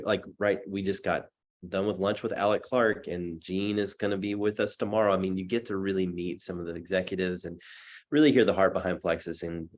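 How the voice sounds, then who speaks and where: A man in his thirties giving a rambling, chatty talk over a video call from a dark hotel room, with lots of fillers and restarts. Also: on the low side. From Texas. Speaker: guest speaker.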